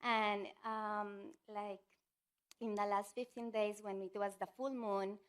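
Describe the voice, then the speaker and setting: A woman's voice: medium pitch, flat delivery, takes it slowly. A woman in the audience asking questions, hesitant and full of fillers but eager. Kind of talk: live question-and-answer session.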